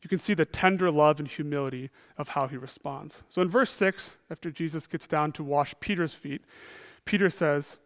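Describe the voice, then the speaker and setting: Man, sermon preacher, slightly high voice, earnest, swings from emphatic to hushed. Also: normal speed. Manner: earnest, frequent rhetorical "right?", shifts between emphatic and hushed.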